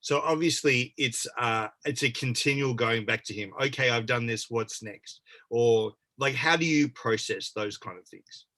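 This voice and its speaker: Curious male host with a bright voice. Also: medium pitch, normal speed. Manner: curious, asks follow-up questions. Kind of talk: casual interview.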